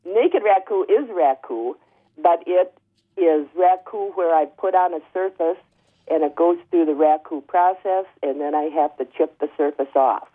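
A man's voice: a little high, unhurried. A man, a potter, calling in to a radio show by telephone, chatting casually with a groggy morning voice and many ums. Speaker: potter, phone-in guest. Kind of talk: casual radio phone interview. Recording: tinny phone line on radio.

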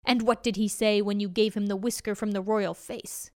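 A woman voicing faithful male tiger servants in a storybook, speaking urgently and gruffly. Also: mid-range voice, fairly even intonation, normal speed, no room sound, clean studio sound, close to an everyday voice.

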